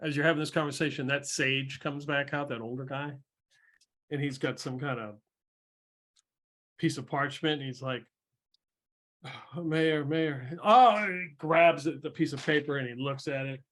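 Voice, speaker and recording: A man narrating a tabletop game as game master, halting with many restarts. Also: medium pitch, fairly even intonation, a bit bright.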